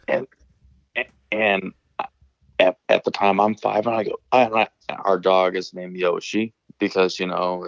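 A man's voice: lowish voice, creaky, no echo, muffled recording. A man from Illinois, calling in to a show, telling a story casually, rambling and swearing with many restarts. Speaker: caller telling stories.

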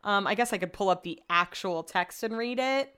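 Woman podcast host, smooth clear voice, casual and profane storyteller. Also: medium pitch, normal speed. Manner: chatty, profane, animated retelling.

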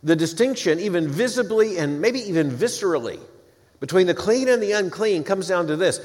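A man with a high, sing-song voice preaches an expository sermon at normal speed, reading scripture aloud and breaking off for emphatic, wry asides. The recording carries a long hall reverb.

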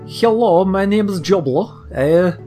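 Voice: medium pitch, animated, unhurried, warm tone, soft background music, voice pushed up, lightly acted. A game master voicing Joblo, a smiling, dapper male prosperity demon merchant with a put-on foreign-sounding accent and broken grammar, who speaks of himself by name, in a tabletop game. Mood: cheery, formal.

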